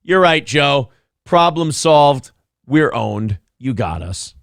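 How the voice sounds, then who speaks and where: A man hosting a morning show, ranting loudly in a mocking, sarcastic way. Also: on the high side, lively intonation, slow, gravelly, dry recording, clean studio sound. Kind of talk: comedic political rant.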